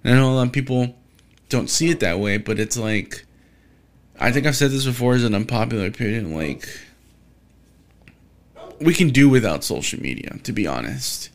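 A young man in a mid-pitched voice holds forth alone on his podcast. He rambles, swears freely and keeps breaking off to restart his thoughts, sounding frustrated. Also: lively intonation, moderate pace, creaky, long pauses. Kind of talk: casual solo podcast monologue.

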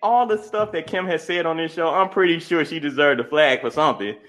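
A man co-hosting a casual group chat show, joking and laughing through quick banter. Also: a little high, fairly bright tone. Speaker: co-host.

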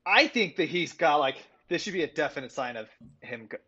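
A man co-hosting a casual sports chat, talking in an animated way and swearing freely. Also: a little high, fairly quick, breathy edge, highs cut off. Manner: animated, swears freely, laughs between points. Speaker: podcast co-host.

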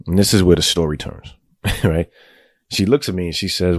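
A man's voice: sits low, expressive, moderate pace, creaky, breathy edge, no echo, clean studio sound. A man telling a long, rambling personal story in casual, profane street talk. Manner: rambling, streetwise, goes on tangents.

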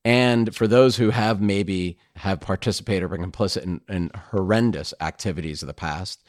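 An earnest male host with a very deep voice, speaking emphatically and often circling back to restart his thoughts. The sound is dry and close, with no room around it. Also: normal speed, no room sound. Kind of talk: casual conversation.

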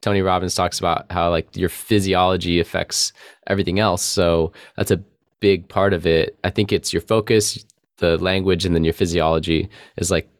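A man's voice: low voice, steady tone, normal speed, no room sound, studio quality. A man hosting a podcast interview, affirming his guest and asking prepared questions. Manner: affirming, encouraging, many fillers. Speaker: podcast host.

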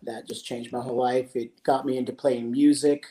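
A man in his sixties from California, telling stories as a guest in a casual interview, relaxed and reflective. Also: mid-range voice, moderate pace. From San Jose, California. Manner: relaxed, reflective, with laughs and throat-clearing. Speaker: guest, pro skateboarder.

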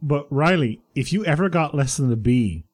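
Guy, twenties, fairly high and very lively, animated storyteller who laughs a lot. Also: normal speed. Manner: animated storyteller, laughs often, acts out quotes. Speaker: podcast co-host. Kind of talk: casual chat.

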